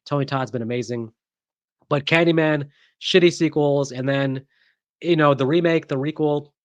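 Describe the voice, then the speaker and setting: A man's voice: medium pitch, no room sound, dull audio. A man hosting a casual vlog as a horror movie reviewer. He talks in a chatty, opinionated way, with frequent ums and restarts.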